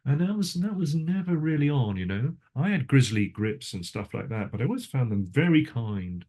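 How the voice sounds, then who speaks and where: A man's voice: mid-range voice, very animated, moderate pace, dark tone. An older man, a cinematographer, telling stories in a casual interview, rambling and restarting himself often. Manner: rambling, self-interrupting storyteller; frequent restarts and asides.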